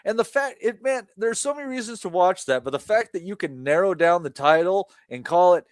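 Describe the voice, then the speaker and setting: A man co-hosting a podcast in casual, profane banter, animated and laughing often. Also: high-pitched, brisk, smooth, no room sound. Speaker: podcast co-host.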